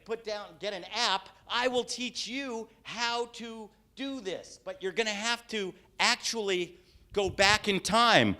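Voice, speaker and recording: A man leading a live, interactive creativity talk for an audience, theatrical and animated, often acting out voices and scenes. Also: sits high, slow pace. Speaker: creativity workshop speaker. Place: lecture hall with audience.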